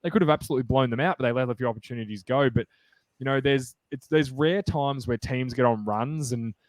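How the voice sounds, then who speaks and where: Excitable rambling male podcast host, dry sound. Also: mid-range voice, quick pace, dry recording. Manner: rambling, excitable, many fillers and restarts. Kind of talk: casual sports chat.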